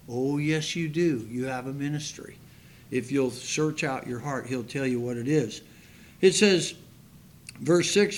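A man's voice: medium pitch, a little slow. A man preaching a sermon in a folksy storytelling manner, acting out the people in his stories. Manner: folksy storytelling, acts out quoted voices. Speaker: pastor.

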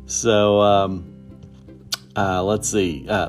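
Male podcast host, middle-aged, low voice, drawn-out rambling delivery. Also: soft background music. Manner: rambling, relaxed, with many fillers and restarts. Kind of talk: casual solo podcast monologue.

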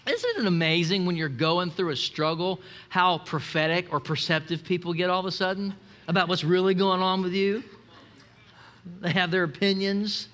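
A man preaching a lively sermon as pastor, with asides to the congregation and acted-out quotes. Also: sits high, moderate pace.

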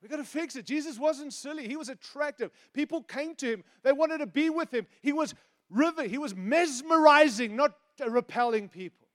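A middle-aged man preaching a sermon, animated and teasing, moving between loud emphasis and hushed asides. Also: very high voice, normal speed. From outside the United States.

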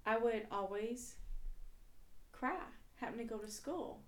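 A woman guest on a podcast, telling stories in lively casual chat. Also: fairly high pitch, slow. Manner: animated storytelling. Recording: echoey room with faint hum.

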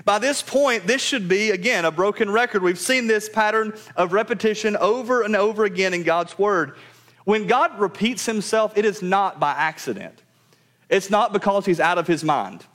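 A man's voice: sits high, normal speed, fairly bright tone. A man preaching a sermon as pastor. He speaks emphatically, repeats key phrases, and addresses his congregation directly.

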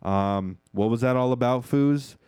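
A man hosts a casual, profanity-laced movie recap, tossing in quick acted-out lines and calling his listeners "foos." His voice sits in an ordinary middle range. The sound is dry and close, with no room around it. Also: mid-range voice, a little mellow, clear, resonant tone, no room sound. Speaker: podcast host.

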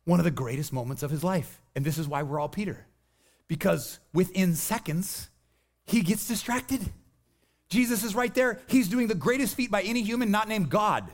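A man's voice: high-pitched, expressive, moderate pace. A man preaching a sermon, telling the story with energy and acting out the voices he quotes. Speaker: pastor.

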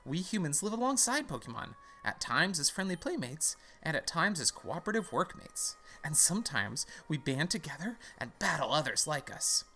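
A man's voice: a little high, very animated, moderate pace, hardly any pauses, sharp tone, pitched above the performer's own voice. A man voicing a cheerful middle-aged male Pokemon professor, with a grand, welcoming, sing-song delivery. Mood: grandly welcoming.

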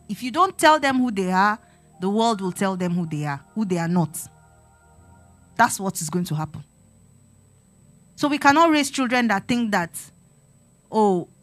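A woman giving a sermon-style talk to a congregation, earnest and exhorting, repeating her phrases and acting out talks with her children. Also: medium pitch. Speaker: church speaker on parenting.

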